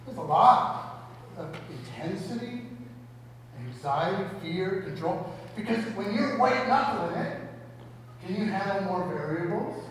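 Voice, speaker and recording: A man's voice: high voice, animated, measured pace, a little hiss or hum. A man preaching a sermon to a congregation, talking in a conversational way and asking rhetorical questions. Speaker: pastor. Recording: echoey hall, mic at a distance.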